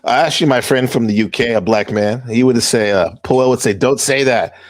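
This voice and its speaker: A man's voice: medium pitch, steady tone, a little fast, no room sound. A man hosting a podcast in casual chat, loose and talkative, laughing often. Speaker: podcast host.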